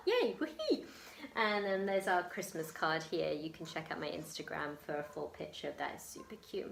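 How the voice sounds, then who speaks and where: English woman chatting away on her vlog, low voice, echoey room. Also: slight background noise. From England. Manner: chatty, emotional, many ums and laughs. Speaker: vlogger. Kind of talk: casual storytelling vlog.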